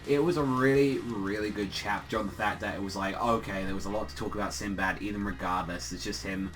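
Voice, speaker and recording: A man's voice: lowish voice, steady tone, a little fast, fairly bright tone, poor audio. A man casually reviewing a manga chapter, rambling with lots of fillers and plenty of swearing.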